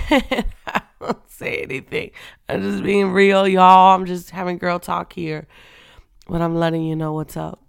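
Candid woman with a low, gravelly voice. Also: no echo, clean studio sound. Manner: candid and chatty, laughs often, swings from quiet to loud. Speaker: faith-based podcast host. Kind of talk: unscripted casual girl talk. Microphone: audio only, not on camera.

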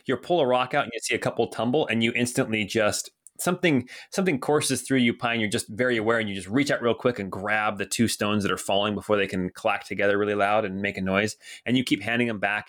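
A man's voice: medium pitch, fairly bright tone. A middle-aged man narrating a tabletop game as game master, casual and rambling with many fillers.

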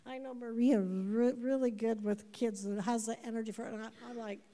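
A woman in her fifties preaching a sermon to a congregation, animated, repeating words and putting questions to the room. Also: a little high, normal speed. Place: church before a congregation. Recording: long hall reverb.

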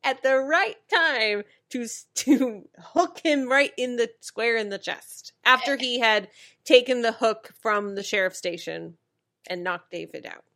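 A woman's voice: on the high side, lively intonation, unhurried, fairly bright tone. A woman co-hosting a casual podcast, recapping a TV episode in a chatty way, often restarting her sentences and laughing as she talks. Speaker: podcast co-host.

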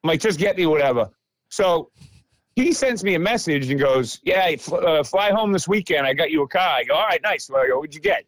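Guy in his 30s on a podcast, swears a lot, acts out the quotes, pitch jumps all over, kinda high, dry close sound. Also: brisk, no echo. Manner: profane, animated storyteller acting out quotes. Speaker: podcast host. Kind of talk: casual storytelling chat.

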